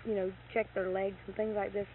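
A middle-aged woman with a mid-range voice and a brisk delivery chats casually about her experiences as a horse owner. She animatedly acts out what people said and gets heated describing angry moments. The recording is tinny lo-fi tape with a faint hiss.

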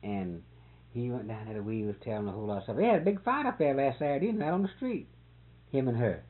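An animated man spins a folksy yarn in casual conversation, his pitch leaping around as he acts out who said what. The recording is thin and tinny, like an old phone-line tape. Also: fast. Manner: folksy, animated, chuckling retelling. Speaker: storyteller in conversation. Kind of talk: casual storytelling chat.

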